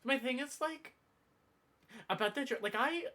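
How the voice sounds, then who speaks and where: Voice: sits high, a little slow, pushed and bright. A livestreamer rambling in casual chat with viewers, playful and full of mock outrage and self-interruptions.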